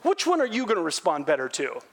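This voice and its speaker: A middle-aged pastor preaches a sermon quickly in a gravelly voice. He's animated, acting out quotes loudly and then dropping low and quiet for his earnest points.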